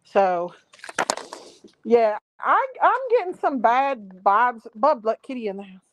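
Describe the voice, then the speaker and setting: A woman's voice: fairly high pitch, sing-song, slow, lo-fi sound, slight background noise. A woman chatting casually to viewers on a livestream from her farm home, rambling and addressing them as y'all. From Tennessee. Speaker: livestream host. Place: farm, outdoors then indoors at home. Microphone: phone or laptop.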